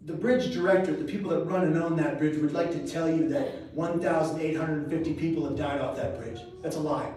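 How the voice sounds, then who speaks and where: A man giving a live motivational speech to a crowd, telling a personal story with earnest pauses and quick jokes, his voice rising high and loud at dramatic moments. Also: steady tone, slight background noise. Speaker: public speaker. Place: large event room. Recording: echoey live room recorded from far off.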